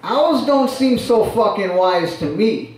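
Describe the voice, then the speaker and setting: A man's voice: high voice, expressive, slow. A man doing a crude, cursing poet. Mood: ranting. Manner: profane ranting delivery. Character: crude foul-mouthed male poet, gruff and blunt. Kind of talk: stand-up character bit. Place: small theatre stage. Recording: echoey room heard from far off.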